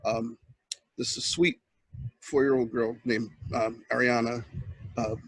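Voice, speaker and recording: Host type: earnest, halting man, husky tone, close and dry sound. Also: mid-range voice, flat delivery, fairly bright tone, no echo, poor audio. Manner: earnest, halting, with many restarts. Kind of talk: casual webcam monologue.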